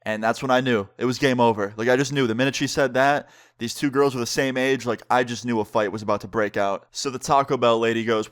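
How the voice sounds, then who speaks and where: A young adult man recounts a story for his vlog in a loose, chatty way, dropping "like" into almost every line. His voice sits at an ordinary middle pitch for a man. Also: steady tone, fast, few pauses, clean tone. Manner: chatty, heavy use of "like" fillers. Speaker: vlogger. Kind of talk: casual storytime retelling.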